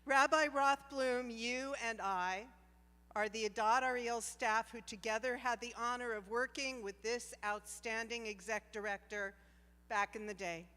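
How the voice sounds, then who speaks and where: Woman, gala tribute speaker: slow, bright voice, reverberant banquet hall. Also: on the high side, steady tone. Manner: warm, heartfelt, slow and deliberate. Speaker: former staff member giving a tribute. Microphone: handheld microphone.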